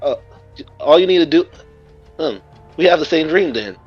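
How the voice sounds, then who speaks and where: A man's voice: fairly high pitch, lively intonation, normal speed, breathy edge, lo-fi sound, soft background music. Give me a brash, boastful teen boy ninja hero, played by a man in a fan-made story. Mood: upbeat.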